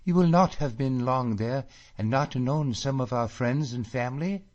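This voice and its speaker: A male audiobook reader voicing a spirited, proud young Highland woman with a lilting manner. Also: expressive, unhurried, a little mellow, muffled recording. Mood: delighted.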